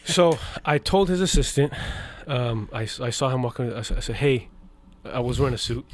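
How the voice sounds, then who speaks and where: A young man telling stories in a casual podcast chat, animated and laughing as he acts out what others said. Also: medium pitch, fairly quick. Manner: animated, acts out quoted voices, laughs often. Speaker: podcast guest, media founder.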